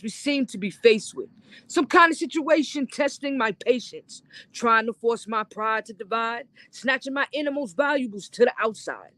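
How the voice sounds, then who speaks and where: A poet performing spoken-word verse in a rhythmic, intense delivery, breaking into a high, drawn-out sung chorus, then chatting plainly about the piece. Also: no echo. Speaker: poet guest.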